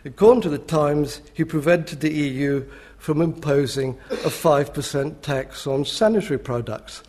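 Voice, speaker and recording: An older man, a history professor, giving a public lecture in a dry, measured, ironic manner. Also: on the high side, darkish tone.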